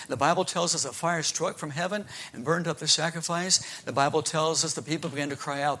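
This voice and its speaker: A man preaching a Bible story to a family audience, animated and storytelling, asking the listeners questions. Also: on the high side, quick pace, hardly any pauses. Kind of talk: children's Bible story sermon.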